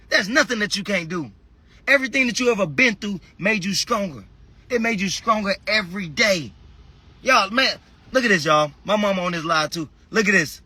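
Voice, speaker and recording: A man giving a passionate motivational talk on a phone livestream, preachy, shifting between shouting and quiet, emotional asides. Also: high voice, breathy edge, no echo. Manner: impassioned, preachy, swings between shouting and soft. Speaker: fitness motivational speaker.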